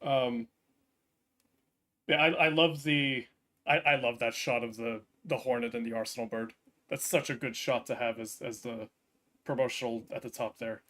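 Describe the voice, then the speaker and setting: Man, casual stream chat, hesitant, filler-heavy, medium pitch. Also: fairly even intonation, normal speed, fairly bright tone. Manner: chatty, hesitant with many ums and restarts.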